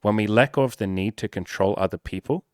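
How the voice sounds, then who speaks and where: Talking straight to the camera, a man gives blunt, profane, energetic dating-coach advice in a casual way. His voice is lowish and brisk, recorded at studio quality with no room sound.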